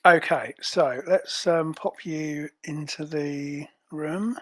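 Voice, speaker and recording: A man narrating as game master in a relaxed way with many fillers. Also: fairly high pitch, slow, no echo.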